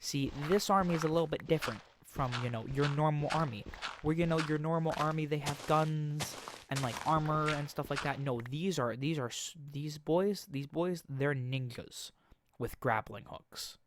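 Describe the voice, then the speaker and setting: A young man casually chatting while he plays a game, retelling a story in a rambling, joking way with quick mock voices. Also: on the high side, noisy background. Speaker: gaming YouTuber.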